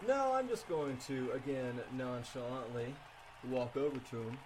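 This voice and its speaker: A man playing a tabletop game, describing his moves in a playful, halting way. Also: mid-range voice, expressive, background noise. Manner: hesitant, playful. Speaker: player.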